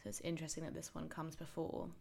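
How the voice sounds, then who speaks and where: A woman serving as a podcast's tarot specialist, talking in a measured, reflective way. Her voice sits very low for a woman and stays calm as she explains. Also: gravelly. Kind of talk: casual podcast chat.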